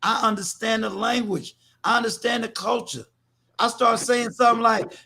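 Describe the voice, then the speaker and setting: A man's voice: very high voice, fairly even intonation, moderate pace, gravelly, bright, forceful tone, slightly rough. An older man from New York hosting a livestream, talking to his viewers in an emphatic, preachy way and often repeating words. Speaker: livestream host. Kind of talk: casual livestream talk.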